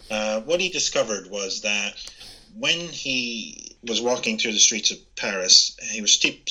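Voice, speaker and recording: A man's voice: fairly low pitch, pushed and bright, rough recording. A man co-hosting a casual podcast chat, telling stories in a chatty way with frequent laughs. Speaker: podcast co-host.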